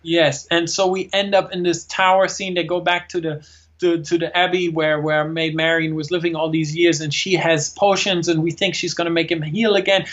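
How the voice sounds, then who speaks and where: A man with a notably high voice talks through a film scene by scene in a casual chat. He gets animated and acts out the characters' lines. The recording is somewhat dull and lo-fi. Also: normal speed. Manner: animated retelling, acts out quotes. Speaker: film reviewer and host. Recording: dull lo-fi sound.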